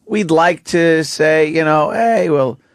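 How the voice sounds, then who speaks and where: A man's voice: fairly high pitch, slow, dry recording, clean studio sound. A man hosting a radio show, telling a rambling fable in casual banter. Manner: rambling storyteller.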